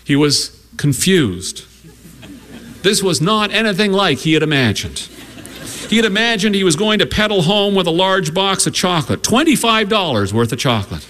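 A man reads a story aloud at a measured pace, gently humorous as he goes. His voice sits high for a man. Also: sing-song.

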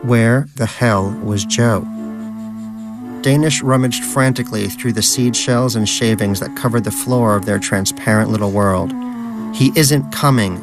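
A man's voice: fairly low pitch, steady tone, a little slow, music in the background. A man giving scripted narration of a story in a dry, wry manner.

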